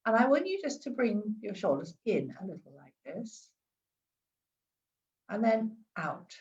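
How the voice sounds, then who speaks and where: A woman's voice: mid-range voice, big pitch swings, measured pace, darkish tone, recorded from a distance, highs cut off. A woman giving chatty advice in a live stream, often repeating and restarting words. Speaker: wellness coach.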